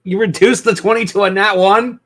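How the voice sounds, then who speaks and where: A game master narrating a tabletop game in a playful way, laughing often and slowing down for dramatic scene descriptions. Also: medium pitch, fairly even intonation, a bit bright.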